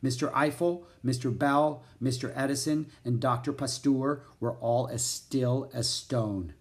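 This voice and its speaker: A man narrating a children's book in an expressive storytelling manner. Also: medium pitch, a little slow. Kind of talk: children's audiobook reading.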